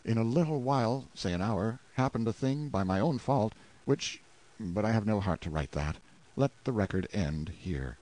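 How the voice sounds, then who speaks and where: A man reading a novel aloud in a measured, solemn way. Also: on the low side, animated, dark tone, rough recording. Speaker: audiobook reader. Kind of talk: scripted novel narration.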